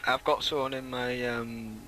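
A man's voice: medium pitch, flat delivery, measured pace, sharp tone, a little hiss or hum, rough recording. A teenage boy hosting a game video, rambling through casual chat with many fillers. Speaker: let's play host.

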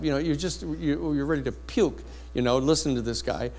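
A man lecturing a university class, telling a courtroom story in a blunt, lively anecdotal way. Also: fairly high pitch, fairly quick, few pauses.

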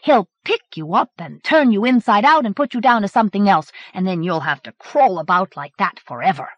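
A woman reading the lines of a rough schoolboy who relishes gruesome details, from a dull 1980s cassette recording. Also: medium pitch, animated, a little fast, dry recording, natural voice. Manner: relishing, boastful.

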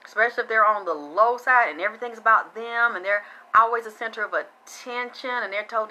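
A woman's voice: fairly high pitch, brisk, hardly any pauses, pushed and bright, a little hiss or hum, poor audio. A woman hosting a casual live-streamed psychic reading, chatting bluntly, swearing freely and thanking viewers by name.

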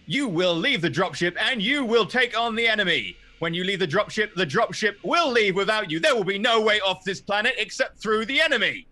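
A man's voice: sits high, bright, forceful tone, full character voice. A man voicing a stern commanding officer who gives troops a grim, menacing pep talk in a tabletop game. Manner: barking, menacing, intimidating.

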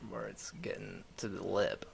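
A man's voice: deep voice, flat delivery, moderate pace, creaky, crowd noise. A young man co-hosting a podcast, talking in a loose, rambling way with lots of asides. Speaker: podcast co-host. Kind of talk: casual chat.

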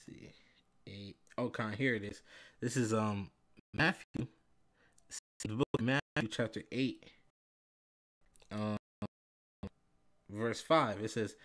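A man giving a casual bible lesson, reading verses slowly and with emphasis, tagging phrases with "man" and "all right". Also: on the low side. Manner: reads scripture slowly and loudly, fillers like "man" and "all right". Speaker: bible teacher.

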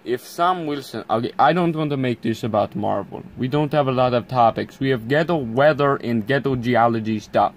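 A teenage boy co-hosts a loose, goofy chat and keeps laughing his way through it. His voice sits at a middling pitch. A faint hiss of noise runs under the recording. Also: fairly quick, hardly any pauses. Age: teens. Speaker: co-host. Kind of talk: casual chat.

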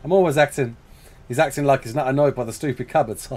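A man's voice: on the high side, animated, a little slow, pauses often, a little hiss or hum. A young man, from England, streaming a game live, chatting, joking and laughing while reading chat aloud.

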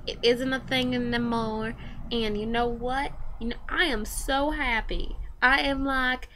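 A teenage girl, a high school senior, rambling in a casual confessional vlog, full of "like" and quick self-corrections. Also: steady tone, a bit bright, a little hiss or hum. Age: teens. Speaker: vlogger.

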